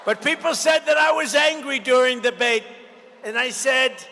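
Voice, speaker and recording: A man's voice: very high voice, normal speed, bright, forceful tone. Combative older man speaking at a rally. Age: 70s. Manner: combative, repetitive, riffing off the crowd. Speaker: political candidate. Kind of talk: campaign rally speech. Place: large indoor expo hall. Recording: long reverb in a big hall, faint noise.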